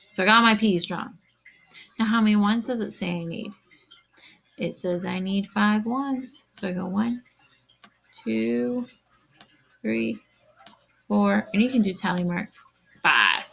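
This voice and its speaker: A woman's voice: mid-range voice, slow, gravelly, pauses often, fairly bright tone, rough recording. A woman teacher recording a math lesson, speaking straight to her students, counting aloud and checking that they follow.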